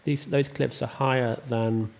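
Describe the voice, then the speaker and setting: A man's voice: medium pitch, fairly even intonation, a little slow, vocal fry, a little mellow. A man, the host, talking casually in an interview, rambling and chatty with many ums and restarts. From Ireland. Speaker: host and estate owner.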